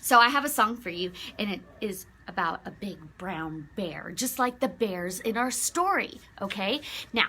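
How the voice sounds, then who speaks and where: Expressive woman reading aloud to kids. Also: medium pitch, a little slow. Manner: animated, expressive, asks children questions. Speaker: children's librarian. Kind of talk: reading a picture book aloud to children.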